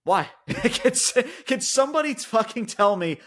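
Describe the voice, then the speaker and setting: A man with a high, very animated voice rants as a podcast co-host in casual, profane chat. His talk is exasperated and full of "like," with plenty of restarts. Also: a little slow. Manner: frequent fillers and restarts like "like". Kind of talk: casual wrestling review chat.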